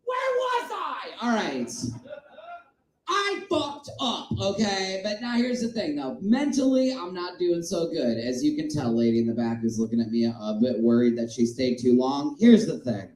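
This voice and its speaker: A man doing a stand-up set in a small comedy club, crude and self-mocking, swinging between shouting and mumbling. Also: mid-range voice, expressive, normal speed, few pauses, echoey room, poor audio.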